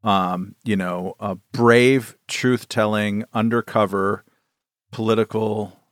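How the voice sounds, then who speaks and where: A man co-hosting a podcast, tossing in wry asides that sometimes drop to a low mumble. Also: steady tone, takes it slowly, dry recording. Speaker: podcast co-host. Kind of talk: casual chat.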